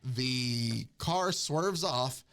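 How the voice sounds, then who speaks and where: A man's voice: mid-range voice, lively intonation, drawn-out words, a bit bright. A man in a casual podcast chat, retelling a comic scene by scene and quoting the characters' lines, while his voice is wearing out. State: losing his voice. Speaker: podcast host recapping a comic.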